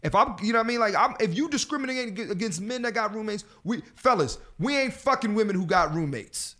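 A man in his thirties holds forth on his podcast, his voice sitting a little high. He swears casually, laughs a lot, and slips into loud rants aimed at his male listeners. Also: expressive, quick pace. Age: 30s. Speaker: podcast host. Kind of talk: casual chat.

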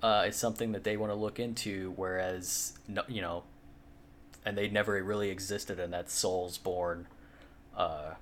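A man with a somewhat low voice talks loosely on a podcast. He rambles and circles back, leaning on fillers and the occasional swear. A faint hiss sits under his voice. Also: fairly even intonation, moderate pace. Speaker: podcast co-host. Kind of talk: casual chat.

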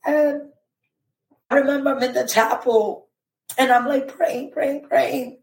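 A woman telling a painful personal story as a podcast guest, emotional and halting, with many fillers. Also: high voice, fairly even intonation, vocal fry, roomy sound, low-quality recording.

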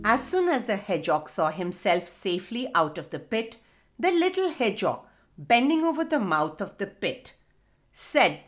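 A woman telling a storybook tale to children, expressive and speaking to them directly. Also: medium pitch, normal speed, soft background music.

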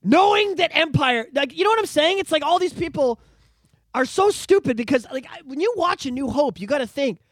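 Podcast host, male, very high and lively voice, profane and excitable, dry sound. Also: brisk, no room sound. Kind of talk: casual chat.

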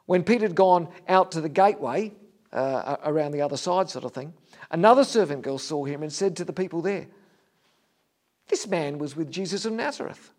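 A preacher tells a story to his congregation in a somewhat higher male voice. He retells it vividly, rising loud and then dropping to a near hush. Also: animated, a little fast. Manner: vivid retelling, swings between loud and hushed. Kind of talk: sermon storytelling.

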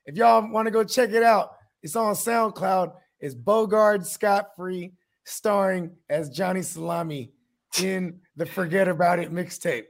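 A man's voice: high-pitched, measured pace, gravelly. A man chatting casually as a podcast co-host, swearing freely and acting out movie scenes in put-on mobster voices. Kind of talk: casual chat.

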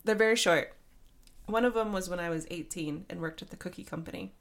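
A woman's voice: on the low side, brisk, gravelly. Woman, podcast co-host, casual chat, loose and tipsy. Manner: relaxed, tipsy and chatty.

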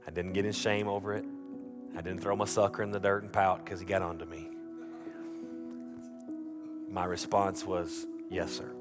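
A man's voice: deep voice, little pitch movement, normal speed, long pauses. A man preaching a sermon, telling stories in a folksy, earnest way, often restarting his sentences. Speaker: pastor. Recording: music playing under the voice.

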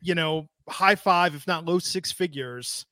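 A man's voice: fairly high pitch, unhurried, sharp tone, no echo. A man co-hosting a wrestling podcast, chatting casually with a dry, sardonic delivery. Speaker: podcast co-host.

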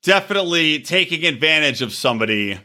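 A man's voice: fairly high pitch, fast talker. A middle-aged man co-hosting a podcast, recapping reality TV in profane, jokey casual chat. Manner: animated, profane, jokey, puts on silly voices. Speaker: podcast co-host.

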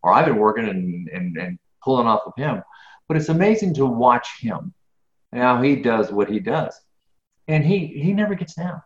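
A middle-aged man answers interview questions in an emphatic, repetitive way, restarting phrases as he builds a point. His voice sits at an ordinary pitch. The sound is muffled and lo-fi, with a noticeable echo of the room. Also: very animated, normal speed. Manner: emphatic, many restarts and repeats. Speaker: guest speaker. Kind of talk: conversational interview. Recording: echoey, dull lo-fi sound.

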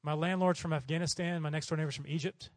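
Middle-aged male missionary preacher from Oklahoma, quick and animated storyteller, slightly high voice, dry close sound. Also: no echo. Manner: animated, acts out voices in his stories. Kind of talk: storytelling sermon.

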